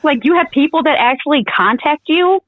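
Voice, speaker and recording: A woman's voice: sits high, lively intonation, fairly quick, no echo, narrow, tinny audio. A woman guest in a casual podcast chat, sarcastic and swearing freely.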